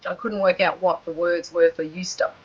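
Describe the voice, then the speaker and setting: A middle-aged woman with an Australian accent, a broadcast journalist answering interview questions in a measured, reflective way. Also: on the low side, fairly even intonation, breathy edge, muffled recording.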